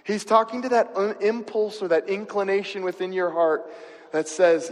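In a large hall, a pastor with a high-pitched voice speaks at a normal speed, relating a personal story during his sermon. He talks conversationally and regularly puts questions to the audience.

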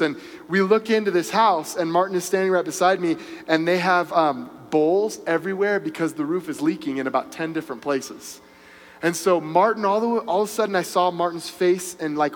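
A man's voice: high-pitched, big-room sound. A man preaching a sermon, telling a story earnestly with frequent restarts and fillers. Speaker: pastor.

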